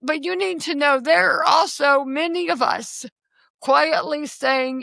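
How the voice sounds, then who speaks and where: High, gravelly-voiced earnest woman host. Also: measured pace, bright, forceful tone, dry recording. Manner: earnest and impassioned, emphatic appeals. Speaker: podcast host. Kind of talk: conversational podcast interview.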